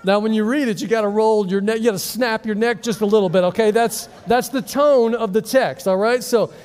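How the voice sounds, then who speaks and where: Animated preacher in a reverberant church hall. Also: male voice, sits high, a little fast, a faint crowd. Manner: animated storytelling with rhetorical questions. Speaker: pastor. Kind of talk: sermon. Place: church auditorium.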